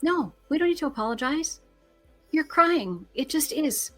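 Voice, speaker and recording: Bright, earnest woman giving advice. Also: high-pitched, expressive, a little slow, faint music behind. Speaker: podcast guest, grief educator. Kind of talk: conversational advice.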